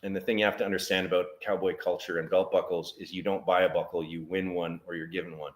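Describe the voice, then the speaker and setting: A man with a very low voice tells a story in conversation. He acts out the other people's lines with energy as he talks. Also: fast. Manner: animated storyteller acting out dialogue. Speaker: guest, barbershop business owner.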